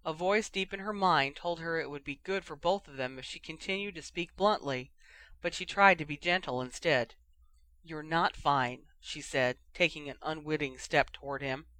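A reader narrating a fan fiction audiobook in a steady, even storytelling manner. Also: mid-range voice, moderate pace, dry recording.

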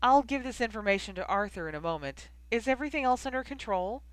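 Brief: narrator voicing a businesslike, dismissive official woman, pitched up, clipped. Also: expressive, fast, smooth, no room sound, natural voice. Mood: curt. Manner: curt and businesslike.

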